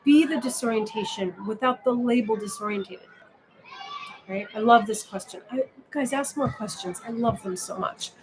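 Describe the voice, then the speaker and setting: Female meditation teacher, reflective, gentle delivery, noisy recording. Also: on the high side, moderate pace. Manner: gentle, musing, with frequent "right?". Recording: steady background noise.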